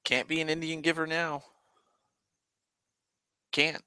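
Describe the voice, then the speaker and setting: A man's voice: on the low side, expressive, unhurried, pushed and bright, no echo. A man rambling in a casual, profane monologue, ranting and complaining at length. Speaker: vlogger.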